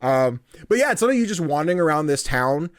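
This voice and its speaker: Animated podcast host man, dry sound. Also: a little high, quick pace, dry recording. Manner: animated, laughing, acts out voices while retelling. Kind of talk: casual podcast chat.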